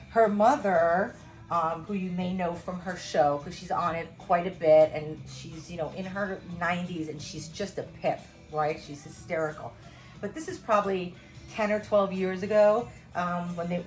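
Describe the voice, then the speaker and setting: A middle-aged woman chef giving a casual home cooking demonstration, chatty and rambling, full of asides. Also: fairly low pitch. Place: home kitchen.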